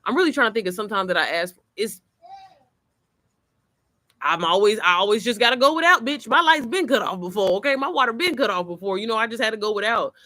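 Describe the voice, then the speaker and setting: Bright animated woman vlogging. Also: fairly high pitch, fast, dry recording, studio quality. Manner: animated, swearing, laughing storyteller. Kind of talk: casual chat to camera. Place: outdoors, then inside. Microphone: computer mic.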